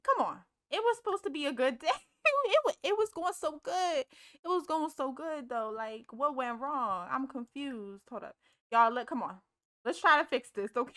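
A young woman doing casual let's play commentary, chatty and animated, scolding the game characters and swearing freely. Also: high-pitched, moderate pace. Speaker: gaming streamer.

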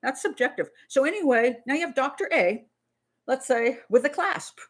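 A middle-aged woman and criminal profiler hosting a live Q&A stream, talking in a blunt, animated way with many restarts. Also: sits high, normal speed, breathy edge. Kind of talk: casual live-stream talk.

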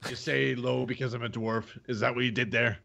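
A man's voice: mid-range voice, flat delivery, a little fast, creaky, bright, forceful tone, no echo. A man chatting sardonically with friends while playing an online game. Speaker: player. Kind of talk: casual gaming chat.

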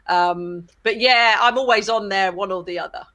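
An enthusiastic woman in her forties chats as an interview guest, laughing easily and talking in quick bursts. Her voice is bright and forceful, sitting at a middle pitch for a woman. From England. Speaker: interview guest, former athlete and broadcaster. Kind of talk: casual interview chat.

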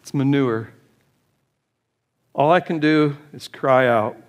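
Male American pastor, fervent pulpit sermon, mid-pitched, climbs into urgent high pleading. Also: slow.

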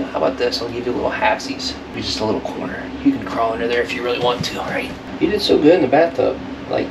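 A man sweet-talks a kitten in a gentle, often hushed voice, his pitch jumping up high for the baby talk. Water runs and splashes in the background, and the home recording has a lot of noise in it. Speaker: fishing vlogger. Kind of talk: casual vlog talk. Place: indoors at home, bathing a kitten in a tub.

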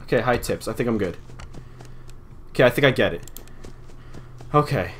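A man's voice: medium pitch, animated, moderate pace, pauses often, fairly bright tone, slightly rough. A young man hosting a horror game let's play, talking nervously to himself and to the game. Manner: nervous, jittery, talks to the game. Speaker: gaming channel host.

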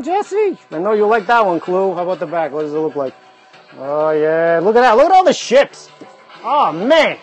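Excitable high-voiced man unboxing live. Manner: excitable, exclaims over items while unboxing. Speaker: livestream host. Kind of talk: casual livestream chat. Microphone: phone mic.

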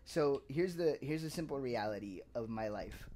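A man's voice: medium pitch, lively intonation, moderate pace, warm tone, a little hiss or hum. A man co-hosting a gaming stream, talking candidly and rambling with plenty of swearing and restarts. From Puerto Rican family. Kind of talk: casual chat.

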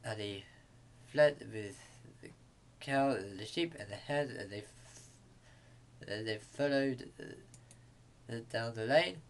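A man reading a bedtime story aloud to kids, in a halting way with small restarts. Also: medium pitch.

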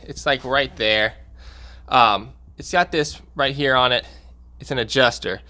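A man's voice: mid-range voice, a little slow, sharp tone, no room sound. A man hosting a repair channel, talking casually through a how-to, plain-spoken and repeating warnings for emphasis. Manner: plain-spoken, walks through steps while pointing things out.

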